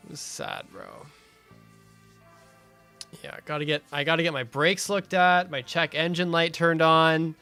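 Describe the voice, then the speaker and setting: A man's voice: on the high side, a bit bright, smooth. A young man streaming, chatting casually with viewers, swearing and laughing often and reading chat aloud.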